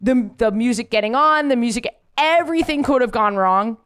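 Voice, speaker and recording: A comedian woman co-hosting a podcast, chatting casually and swearing as she tells animated stories. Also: on the high side, normal speed, clear, resonant tone. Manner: animated storyteller, swears freely. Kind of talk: casual chat.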